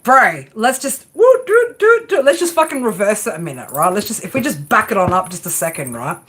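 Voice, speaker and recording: A woman's voice: medium pitch, very animated, a little fast, fairly bright tone, husky. A woman giving live tarot readings, chatting casually and profanely with viewers and laughing often. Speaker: tarot reader.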